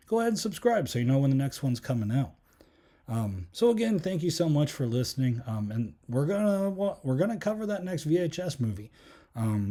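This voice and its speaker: A man's voice: mid-range voice, dark tone. A man hosting a podcast, giving a casual solo film review in a rambling way, full of fillers and restarts. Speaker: podcast host.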